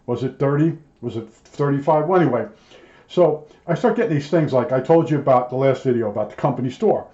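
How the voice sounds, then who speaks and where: Older male storyteller, mellow voice, loose and chatty, dull roomy home recording. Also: mid-range voice, a little fast. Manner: rambling, conversational, with many fillers and restarts. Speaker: storyteller recalling his factory job. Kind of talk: casual spoken memoir.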